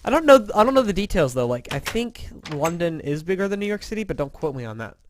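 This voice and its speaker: Yawning and worn out from lack of sleep, an Indiana man rambles through a casual let's-play, teasing himself as he games. His voice sits high and sing-song at a fast clip, with a bit of background noise.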